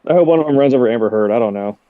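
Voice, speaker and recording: A man's voice: mid-range voice, expressive, racing, phone-quality sound, noisy background. Profane, rambling man on a podcast. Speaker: co-host. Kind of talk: casual podcast banter.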